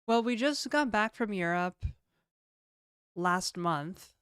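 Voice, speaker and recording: A woman's voice: medium pitch, expressive, slow, a bit bright, clean tone, no echo, studio quality. A young adult woman with a Canadian accent chatting casually on a livestream, reading viewer questions aloud and answering them in a laid-back way.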